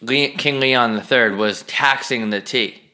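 A young man co-hosting a podcast, trading crude deadpan jokes in casual comedic chat. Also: measured pace. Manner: deadpan, crude joking with lively swings in pitch. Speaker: podcast co-host.

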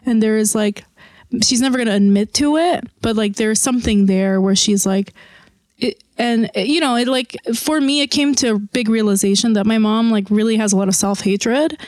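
A woman's voice: on the high side, moderate pace, a little mellow, no room sound. A woman in a casual chat, talking openly about personal struggles and rambling with many "like" fillers. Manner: rambling, heavy use of "like" as filler; earnest and open, sharing personal struggles.

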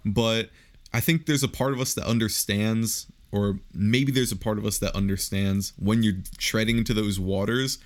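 Young guy on a podcast, lowish voice, thoughtful, laughs a lot, swears casually. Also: fairly even intonation, normal speed. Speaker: podcast guest. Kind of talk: casual conversation.

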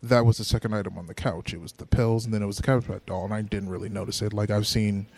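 A man's voice: lowish voice, steady tone, quick pace, darkish tone. A young man co-hosting a podcast, telling a dating story in a rambling, hesitant way full of fillers. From Buffalo, New York. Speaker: podcast co-host. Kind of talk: casual chat.

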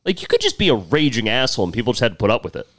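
A comedian from Connecticut chatting on a podcast with sarcastic, quick jabs. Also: male voice, mid-range voice, very animated, a bit bright, dry recording. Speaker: comedian guest. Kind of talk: casual podcast chat.

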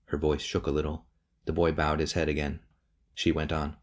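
A man narrates a novel in a measured, steady audiobook reading. His voice is quite deep.

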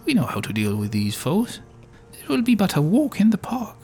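With faint music behind him, a man plays Shrew at a tabletop game, ranting in pompous, theatrical adventurer style. His high voice has a darkish tone and huge pitch swings, delivered at a normal speed.

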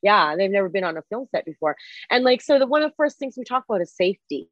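A young woman telling stories from film sets in a casual interview, animated, laughing often and swearing freely. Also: medium pitch, quick pace, dry recording, dull audio. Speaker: guest, film crew and actress.

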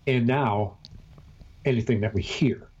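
A man co-hosting a podcast with a husky voice, joking and swearing in casual chat. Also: mid-range voice, measured pace, darkish tone, dull audio. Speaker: podcast co-host.

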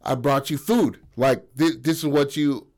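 A man's voice: medium pitch, a little mellow, voice pushed up, natural voice. A man voicing an earnest, stubborn, lovestruck young man in a told story. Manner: earnest, halting.

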